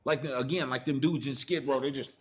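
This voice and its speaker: A man's voice: medium pitch, fairly even intonation, fast talker. A middle-aged man giving a profane, preachy monologue of blunt warnings in casual rant style. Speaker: commentator.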